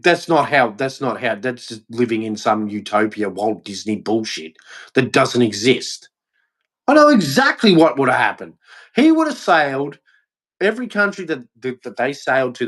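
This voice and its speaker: An Australian man delivering a heated, blunt opinion rant, repeating himself and swearing. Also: medium pitch. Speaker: vlogger.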